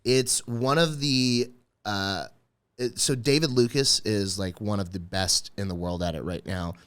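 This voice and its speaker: A man's voice: lowish voice, unhurried, a bit bright, clear, resonant tone. A man who is a stand-up comedian, a guest on a podcast, talking loosely and profanely with lots of filler words. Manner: loose and profane, heavy use of "like". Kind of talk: casual podcast chat.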